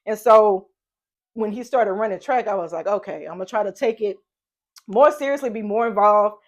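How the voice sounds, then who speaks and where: A middle-aged woman hosting a podcast, chatting casually and telling stories with animated voices for the people she quotes. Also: medium pitch, moderate pace. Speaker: podcast host and mother. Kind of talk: casual storytelling chat.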